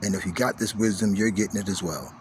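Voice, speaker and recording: Low-voiced emphatic male spiritual teacher. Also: fast talker, slight background noise. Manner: emphatic, repeats key phrases, drops to hushed tones then rises forcefully.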